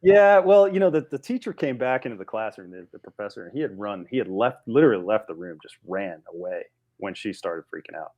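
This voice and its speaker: A man in his forties, a podcast guest telling a story in a casual, animated way with frequent restarts. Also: on the low side, brisk, lo-fi sound. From United States.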